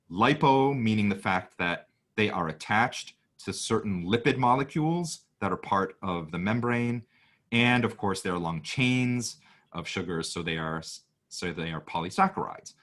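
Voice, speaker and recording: A man's voice: on the low side, fairly bright tone. A man giving a casual recorded university lecture, chatty and full of asides and fillers. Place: home, Hawaii.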